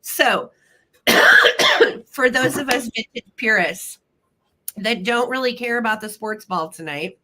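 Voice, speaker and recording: Bright, lively woman host, a bit choked up. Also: a little high, slow pace, pauses often. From Missouri. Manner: chatty, greets viewers by name. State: slight cough, a little choked up. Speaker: live vintage sale host. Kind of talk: casual live-stream chat.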